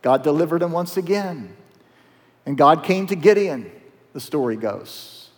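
Male pastor, storytelling sermon, animated and playful, heard with long hall reverb. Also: fairly high pitch, a little slow.

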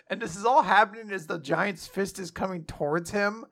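A man's voice: high voice, normal speed, a bit bright. A man hosting a podcast, casually recapping a manga chapter with sarcastic jokes and frequent laughs. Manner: joking, laughs often, sarcastic asides.

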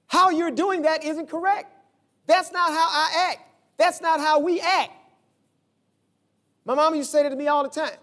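A man preaching a sermon as pastor, telling stories and acting out the voices in them, swinging from shouts to low asides. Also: expressive, normal speed, long pauses.

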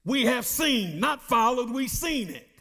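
Middle-aged pastor, male, high animated voice, deliberate preaching delivery. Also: creaky. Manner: preaching with call-and-response questions to the congregation; reads scripture slowly with emphasis. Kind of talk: sermon.

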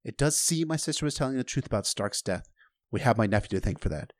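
A man's voice: mid-range voice, animated, fast talker, no echo, studio quality, pitched below the performer's own voice, lightly acted. Man reading as a bitter, sardonic lord.

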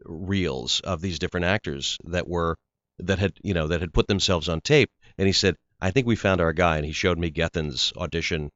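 A man's voice: sits low, moderate pace, a bit bright, no room sound. A male actor being interviewed, telling rambling stories about his work with frequent restarts. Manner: rambling storyteller, restarts often. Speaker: actor guest. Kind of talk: casual interview chat. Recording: slightly dull lo-fi sound.

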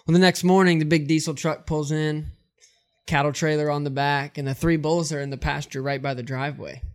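A man telling a long farm joke on a podcast, in a relaxed, unhurried storytelling manner. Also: on the high side, clear, resonant tone. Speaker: podcast co-host.

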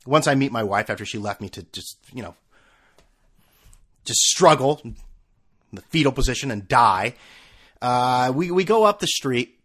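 A podcast host with a medium-pitched, slightly bright voice tells a self-mocking comic story, animated and at a moderate pace. He rambles, pauses often, and keeps restarting.

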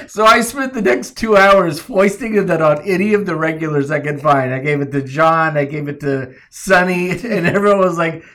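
Male podcast co-host, casual, animated storyteller who laughs through his jokes. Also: on the high side, moderate pace, hardly any pauses. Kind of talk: casual chat.

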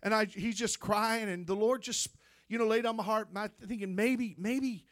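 A male preacher tells his testimony with fervent, building energy. His voice sits high for a man. The sound is dry and close, with no room echo. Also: fairly even intonation, normal speed. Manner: fervent storytelling, rising to shouts. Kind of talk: sermon testimony.

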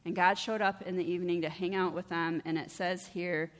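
A woman's voice: lowish voice, flat delivery, fairly quick. A woman pastor giving a conversational sermon, often asking her listeners "right?" as she speaks. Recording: long reverb of a church hall.

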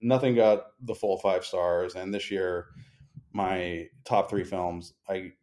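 A man with a low, dark, mellow voice co-hosts a podcast over a remote call from a hotel room. He talks in long, articulate, deliberate sentences in a relaxed chat. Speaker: podcast co-host. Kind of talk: casual chat. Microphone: remote call recording.

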